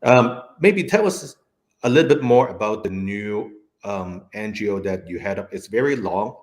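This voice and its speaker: A man's voice: on the low side, expressive, moderate pace. A man hosting an interview, speaking hesitantly with many fillers. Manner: hesitant, with many ums and uhs. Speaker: talk show host. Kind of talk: conversational interview.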